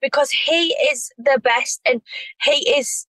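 A woman's voice: high-pitched, slow, fairly bright tone, no echo, rough recording. A woman, talking in a gushing, effusive way full of restarts. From North East England. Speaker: reality TV star guest. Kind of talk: casual chat.

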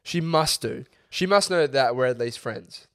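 A man's voice: mid-range voice, a little slow, fairly bright tone, dry recording. An Australian man co-hosting a casual podcast, swearing freely and laughing as he tells stories. His voice sits in a middle register and sounds dry and close to the mic. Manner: sweary, storytelling, laughs often. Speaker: podcast co-host. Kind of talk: casual chat.

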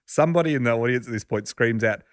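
A man's voice: medium pitch, fast talker, no room sound, clean studio sound. A man hosting a podcast, telling a story in a casual, chuckling, conversational way.

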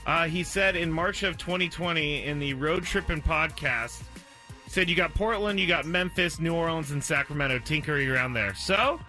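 A man's voice: on the high side, normal speed, pushed and bright, soft background music. A man hosting a sports debate show, steering the talk, reading a quote and laughing easily between points.

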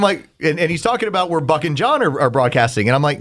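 A man hosting a comedy podcast, reading sponsor spots and recounting events step by step in a steady, methodical way. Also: fairly high pitch, quick pace, few pauses. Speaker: podcast host and radio host. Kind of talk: casual comedic podcast talk.

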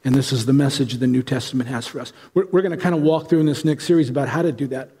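A man's voice: medium pitch, rapid-fire, warm tone, breathy edge. Pleading man preaching in a hall. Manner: urgent, pleading, conversational. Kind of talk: sermon. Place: large church hall.

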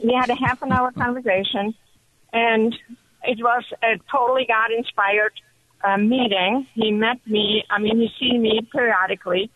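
A woman calling in to a radio show, telling her story with excited, animated energy over the telephone. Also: fairly high pitch, normal speed, no room sound. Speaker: caller. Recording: dull phone line.

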